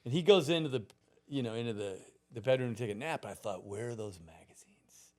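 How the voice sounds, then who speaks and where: A man around sixty spins a story as a podcast guest, lively and loose, cursing now and then and laughing as he goes. His voice sits at an ordinary middle pitch. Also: fast. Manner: animated, profane, laughs through his stories. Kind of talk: casual storytelling.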